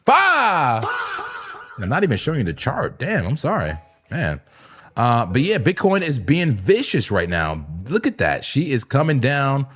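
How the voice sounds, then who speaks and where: Hoarse excitable man live-trading on stream. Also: medium pitch, normal speed. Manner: excitable, laughs often, sudden shouts. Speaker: crypto trading livestream host. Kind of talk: casual live trading commentary.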